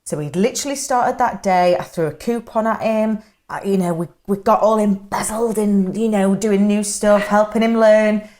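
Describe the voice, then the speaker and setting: A woman's voice: medium pitch, moderate pace, few pauses, darkish tone. Chatty Yorkshire woman telling stories. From England. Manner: chatty, self-mocking anecdotes. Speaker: podcast co-host. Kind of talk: casual chat, storytelling.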